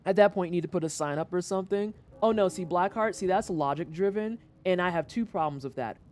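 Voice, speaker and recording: A young adult livestreamer chatting casually to viewers, retelling a work story with animated swings and casual swearing. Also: medium pitch, quick pace.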